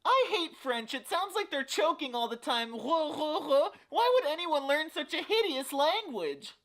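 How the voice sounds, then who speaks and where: A petulant young girlfriend whines in a shrill falsetto, as a man puts her on. Her pitch leaps high and swoops all over, loud and dismissive. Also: lively intonation, a little slow, heavily acted. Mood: scornful. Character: petulant young girlfriend, woman, called babe.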